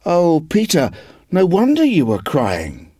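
A man voicing a polite, kindly young girl in a read-aloud storybook, lifting his voice higher and gentler. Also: huge pitch swings, slow pace, husky, no room sound, studio quality, exaggerated voice.

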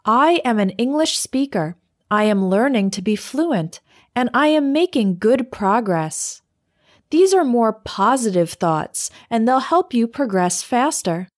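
A woman with a fairly high voice narrates a scripted English lesson. She speaks clearly and evenly. She slows down to set out each example phrase. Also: animated. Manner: clear, measured delivery with slowed example phrases. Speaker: English teacher.

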